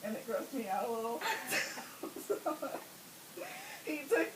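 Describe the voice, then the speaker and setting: A young woman with a high, bouncy voice tells a crude story and keeps laughing mid-sentence. She is recorded from a distance in a roomy space, with faint hiss underneath. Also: sing-song, a little slow. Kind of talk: casual comic storytelling.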